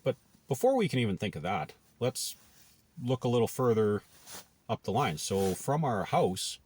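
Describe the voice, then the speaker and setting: A man's voice: mid-range voice, sing-song, normal speed, darkish tone, a little hiss or hum. A man from Canada talking casually to camera, thinking aloud with many restarts and okays. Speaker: blogger.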